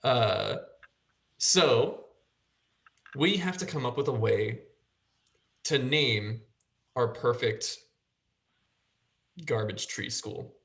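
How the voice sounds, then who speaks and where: A man's voice: mid-range voice, very slow, vocal fry, pauses often, a bit bright. A man hosting a casual school podcast, prompting the group with questions and laughing easily. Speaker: podcast host guiding discussion.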